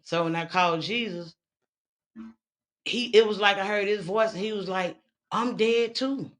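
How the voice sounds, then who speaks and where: A woman's voice: medium pitch, steady tone, moderate pace, a bit bright. A woman guest telling her own survival story in a candid, blunt and profane way. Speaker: interview guest. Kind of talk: candid personal testimony.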